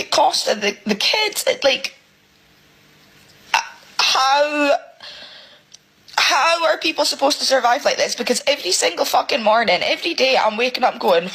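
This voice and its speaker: A British woman ranting emotionally in a selfie vlog about money, swearing and halting as she speaks. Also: on the high side, a bit bright, slightly rough, poor audio. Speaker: single parent venting.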